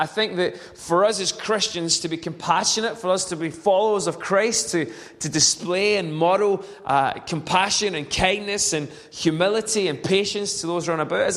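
Male pastor, high voice, earnest storyteller who restarts phrases, church hall with long reverb. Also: fairly bright tone. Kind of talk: sermon.

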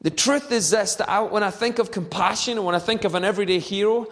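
Male pastor, high voice, earnest storyteller who restarts phrases, church hall with long reverb. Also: fast, fairly bright tone. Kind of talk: sermon.

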